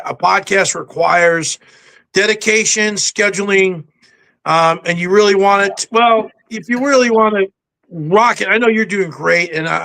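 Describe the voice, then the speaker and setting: An older man, a podcast guest, telling stories in a brisk, self-assured way. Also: high-pitched, creaky, pushed and bright. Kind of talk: casual podcast chat. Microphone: home setup with a backdrop.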